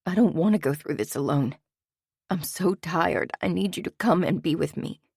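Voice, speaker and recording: A woman's voice: lowish voice, moderate pace, creaky, a little mellow, husky, dry recording, clean studio sound. A woman reading the part of a grieving, frightened man who talks in a raw, weary, hurt way. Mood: pleading.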